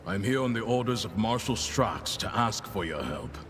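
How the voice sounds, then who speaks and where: A man's voice: fairly low pitch, animated, moderate pace, fairly bright tone, a little hiss or hum. An actor playing a stern male enforcer officer who gives formal, clipped orders.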